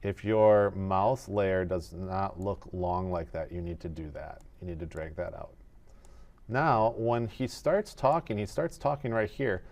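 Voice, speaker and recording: A man teaching animation in a screen-recorded tutorial, explaining each step in a methodical, relaxed way. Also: deep voice, unhurried.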